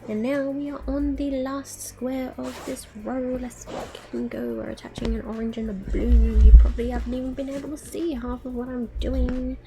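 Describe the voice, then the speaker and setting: A woman's voice: high voice, fairly even intonation, normal speed, hardly any pauses, music in the background. A woman streamer chatting casually to her viewers while she crafts, muttering to herself with playful baby-talk words.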